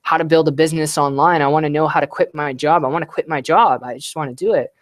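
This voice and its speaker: A man's voice: fairly high pitch, steady tone, fast, no room sound, studio quality, lightly acted. A man voicing a chatty, eager female prospect on a sales phone call, explaining why she wants to quit her job.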